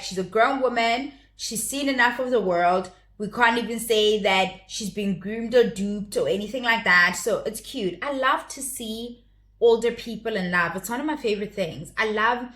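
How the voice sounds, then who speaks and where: A woman's voice: medium pitch, a bit bright. A young adult woman hosting her own channel, giving a chatty, opinionated review of a reality show and often repeating words as she restarts. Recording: roomy echoey room.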